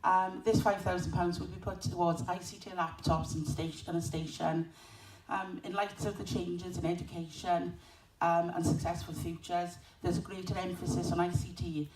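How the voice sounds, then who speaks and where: A woman's voice: on the low side, flat delivery, moderate pace, darkish tone, far from the mic. A woman accepting an award for a school, giving a short, hesitant thank-you speech. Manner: hesitant, with many "um"s. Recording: echoey hall, from afar.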